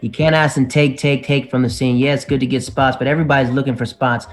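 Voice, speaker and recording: A man, a stand-up comedian, chatting as a guest on a podcast and telling animated stories with acted-out quotes. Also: medium pitch, fast, faint music behind. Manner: animated storyteller who acts out other people's lines. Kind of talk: casual podcast chat.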